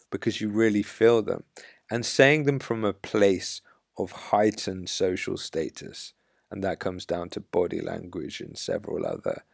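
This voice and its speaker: Slow, gravelly-voiced man coaching bluntly. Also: on the low side, no echo, clean studio sound. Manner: assertive, blunt, emphatic coaching delivery. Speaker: dating coach podcast host. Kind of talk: podcast monologue giving dating advice.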